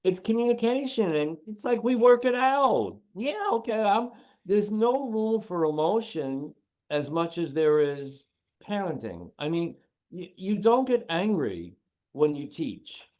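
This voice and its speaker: A man's voice: high-pitched, big pitch swings, a little slow, a little mellow. A man who trains dogs, guest on a podcast, talking casually and emotionally, repeating himself for emphasis. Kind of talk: casual interview talk.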